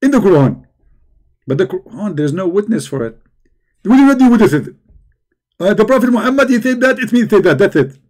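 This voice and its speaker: Guy doing a high loud preacher man, fast excited bragging, jumps all over. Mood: mocking. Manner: rapid, shrill, childish boasting. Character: excitable, boastful male preacher, middle-aged.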